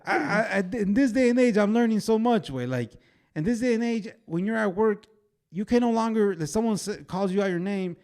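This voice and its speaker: A man in his twenties co-hosting a podcast, telling animated stories in casual chat full of fillers like "way" and "bro". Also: high voice, a little fast, clear, resonant tone. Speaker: podcast co-host.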